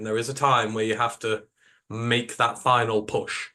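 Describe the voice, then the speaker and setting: A man's voice: mid-range voice, fairly even intonation, a little slow, sharp tone. A British man co-hosting a sports podcast, talking in an emphatic, opinionated way, rambling with fillers. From United Kingdom. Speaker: podcast co-host. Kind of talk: casual sports podcast chat.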